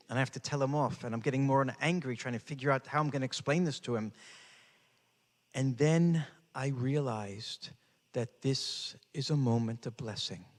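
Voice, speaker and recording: An older man giving a talk, telling a personal story with dramatic, rising intensity. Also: medium pitch. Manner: dramatic, builds to raised intensity. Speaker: speaker. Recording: hall with long reverb.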